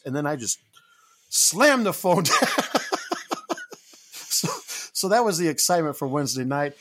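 Husky man telling a story animatedly. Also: on the high side, normal speed, pauses often. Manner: animated, rising to loud indignation when quoting himself. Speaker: podcast co-host. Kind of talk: casual storytelling chat.

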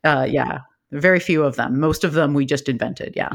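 Podcast guest, linguist, middling pitch, enthusiastic, laughs a lot, pitch jumps, casual academic talk. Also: normal speed, creaky. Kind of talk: animated academic podcast interview.

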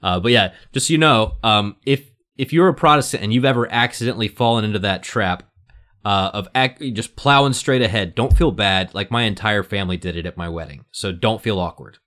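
A man's voice: fairly low pitch, fairly quick, a bit bright. A man on a podcast panel, telling a chatty personal story loosely, with plenty of fillers. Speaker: co-host. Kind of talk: casual anecdote.

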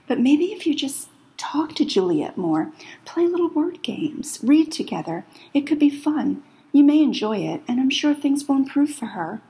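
Give me an earnest, lecturing schoolteacher, read by a woman in a soft, fairly high voice. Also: very animated, moderate pace, low-quality recording. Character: earnest female schoolteacher, gently preachy.

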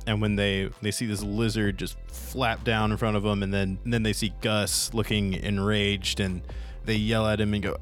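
A man narrating as game master in a tabletop game, relaxed, with fillers and restarts. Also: fairly low pitch, normal speed, soft background music.

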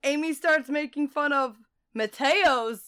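High-voiced woman laughing through a recap. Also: slow. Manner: laughing, profane, animated retelling. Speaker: podcast co-host. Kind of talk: casual chat recapping a TV show.

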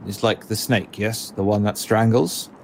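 A man voicing a wary young male druid who shifts shape and is awkward with people, speaking slowly and carefully. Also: on the low side, fairly even intonation, slight background noise, natural voice. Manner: slow, careful, halting speech.

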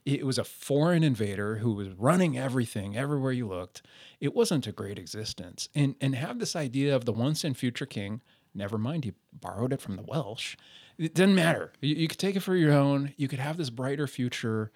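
A man's voice: mid-range voice, expressive, brisk, a little mellow, dry recording, studio quality. A man co-hosting a casual podcast chat, explaining history at length in a thoughtful, rambling way. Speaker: podcast co-host.

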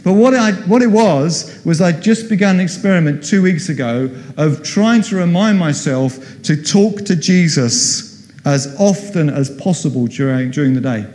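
A man's voice: a little high, lively intonation, normal speed, a little mellow. A middle-aged man preaches in a church hall, his slightly raised voice ringing with long reverb. He tells the story with animation and slips into the voices he quotes. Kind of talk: sermon.

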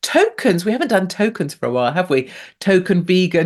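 A woman's voice: fairly low pitch, big pitch swings, a little fast, a little mellow. A middle-aged woman hosting a live radio talk show in a breezy, gushing manner, reading out listener chat messages with playful asides. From England.

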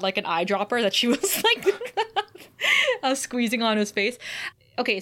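A woman co-hosting a podcast, retelling a TV episode in an animated way and laughing often. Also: medium pitch. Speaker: podcast co-host. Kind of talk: casual recap chat.

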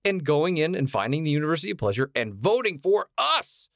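A man co-hosting a podcast, with playful, self-mocking banter that rambles on. His pitch swings widely. The sound is dry and close to the mic. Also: very animated, brisk, creaky, a bit bright, dry recording. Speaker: podcast co-host. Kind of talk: casual banter.

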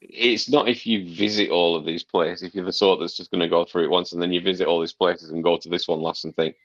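A man's voice: low-pitched, steady tone, fast, no echo, lo-fi sound. A man co-hosting a casual gaming podcast, giving long rambling explanations and swearing casually. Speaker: podcast co-host reviewing a game.

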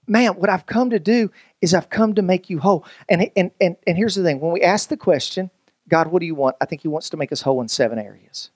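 A pastor delivers a sermon in a high-pitched, breathy-edged voice, joking with the congregation as though chatting with friends. He often backs up and restarts sentences while working toward a point. The sound is dry and close, without room echo.

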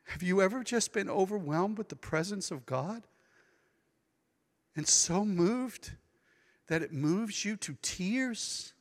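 A man preaching a sermon as pastor, dramatic and expressive, now and then acting out the voices of people he quotes. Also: high-pitched, slow, long pauses, in a large hall. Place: church sanctuary.

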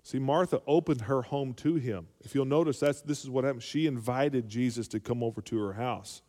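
A man's voice: medium pitch, brisk, mellow. A male pastor preaching a sermon, calling for amens and rising to emphatic peaks. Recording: long hall reverb.

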